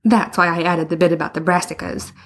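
A woman's voice: on the low side, fairly even intonation, fairly quick, fairly bright tone. A woman voicing a showy, confident young man in a story, talking in a breezy, self-assured way.

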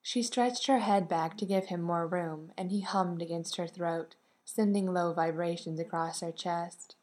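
A woman calmly narrating a romance novel with a gentle, measured delivery. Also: fairly low pitch. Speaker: audiobook narrator.

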